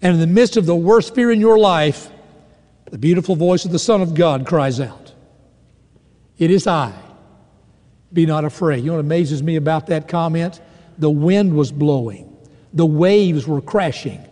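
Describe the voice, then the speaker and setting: High, mellow preacher in a reverberant hall. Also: male voice, moderate pace. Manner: dramatic storytelling, swelling and dropping to hushed lines. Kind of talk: sermon.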